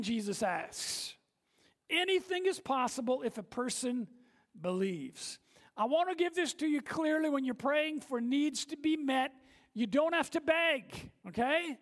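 A woman's voice: high-pitched, expressive, unhurried. A woman pastor giving a sermon in a conversational, emphatic way, often checking in with her listeners. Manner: conversational, emphatic preaching with frequent "okay?" check-ins.

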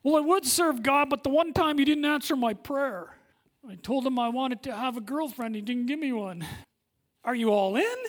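A male pastor preaching a sermon with lively energy, swinging between loud emphasis and hushed moments, acting out quoted voices. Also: extremely high pitch, moderate pace. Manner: acts out quoted voices of listeners and God.

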